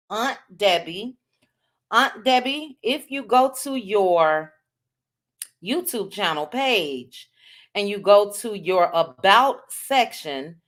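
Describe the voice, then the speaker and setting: Slow-talking woman hosting a live chat. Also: fairly high pitch, fairly bright tone. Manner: drawn-out, chatty greetings. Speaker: livestream host. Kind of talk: casual live chat greeting viewers.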